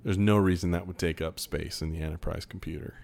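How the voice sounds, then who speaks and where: A man co-hosting a casual film commentary, chatty and quick to laugh, with excited asides. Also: sits low, vocal fry, a little hiss or hum.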